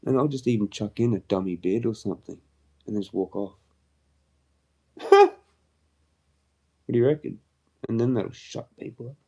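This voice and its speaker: A young man rambling through a casual livestream, crude and full of slang and laughter. His voice is low, dark and husky, with a gravelly edge. He drags his words out slowly.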